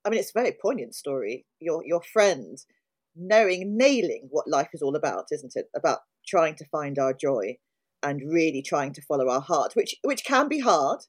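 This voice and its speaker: A woman's voice: deep voice, very animated, normal speed, slightly rough. A woman hosting a podcast interview, reflective and admiring, repeating phrases for emphasis. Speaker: podcast host.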